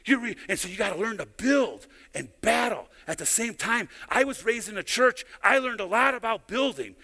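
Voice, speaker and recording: Man, middle-aged, high bright voice, preaching, chatty storyteller, church hall reverb. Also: lively intonation, normal speed. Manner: conversational storytelling, frequent repeated words. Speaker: pastor. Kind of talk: sermon. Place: church sanctuary.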